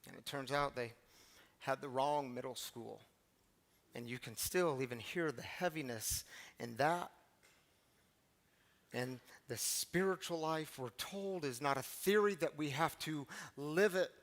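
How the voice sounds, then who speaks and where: A middle-aged man, a pastor, giving an earnest, confessional sermon that swings from hushed to emphatic, often repeating words. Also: medium pitch, measured pace. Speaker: pastor of a recovery community. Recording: long hall reverb, faint music behind.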